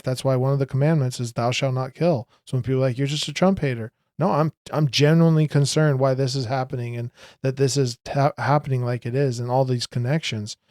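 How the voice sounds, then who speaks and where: A man's voice: mid-range voice, dry recording. Emphatic man ranting in a dry close-up. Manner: emphatic, rambling, rises to loud bursts. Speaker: video commentator. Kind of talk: casual commentary vlog.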